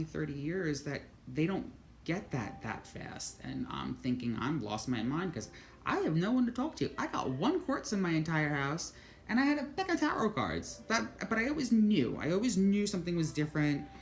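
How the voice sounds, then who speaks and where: A woman vlogger telling a personal story in an animated monologue, swearing freely and quoting her own thoughts aloud. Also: low voice, moderate pace.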